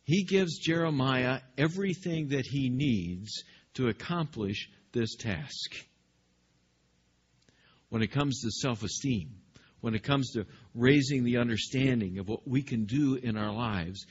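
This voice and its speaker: A male pastor preaching a sermon in an animated way, speaking directly to his congregation. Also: mid-range voice, highs cut off, slight background noise. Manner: animated, acts out scripture dialogue, addresses the congregation directly.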